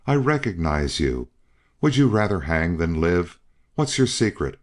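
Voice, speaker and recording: A man's voice: low-pitched, big pitch swings, measured pace. A man voicing a tense young cowboy who speaks urgently in an audiobook western.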